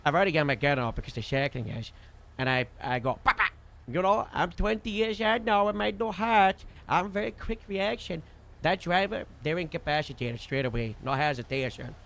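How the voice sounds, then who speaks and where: A man casually recounting a role-play shift as a streamer, rambling with lots of fillers and animated bursts. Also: fairly high pitch, a little fast, creaky. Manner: rambling, full of "you know" and "like" fillers; animated retelling with sudden loud bursts. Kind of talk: casual storytelling recap.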